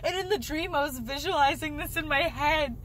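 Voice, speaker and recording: A woman's voice: sits high, a little fast, a bit bright, a little hiss or hum. A woman vlogging from her car as she drives, rambling in a casual monologue and laughing often. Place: in a car while driving.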